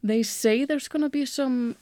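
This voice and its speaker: A woman's voice: high-pitched, measured pace, dark tone. A woman speaking as a journalist guest on a radio show, answering thoughtfully with some hesitation. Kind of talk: conversational radio interview.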